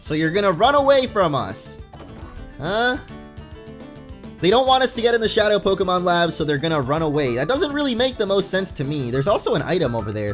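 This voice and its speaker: Chatty young man with a lively high voice. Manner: chatty, rambling, reads game text aloud. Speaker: let's play gamer. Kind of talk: casual gameplay commentary. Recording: faint game music behind.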